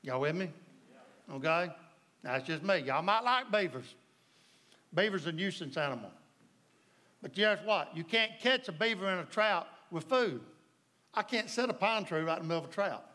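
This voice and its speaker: A man's voice: high voice, animated, normal speed, long pauses, pushed and bright. A man with a Southern US accent preaching a sermon as pastor, folksy and storytelling, often asking the congregation if they follow.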